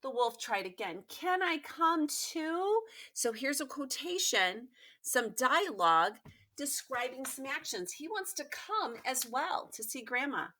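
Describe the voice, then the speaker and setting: Woman teacher, recorded lesson for kids, bright, emphatic, repeats key points. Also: sits high, sing-song, unhurried. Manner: emphatic, repetitive, encouraging. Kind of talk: recorded remote lesson for pupils.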